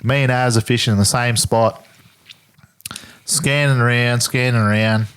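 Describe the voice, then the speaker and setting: A man's voice: mid-range voice, steady tone, normal speed, a bit bright, smooth. An Australian man, a podcast guest, chatting casually and laughing easily about a fishing trip. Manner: laid-back, laughs easily. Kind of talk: casual chat.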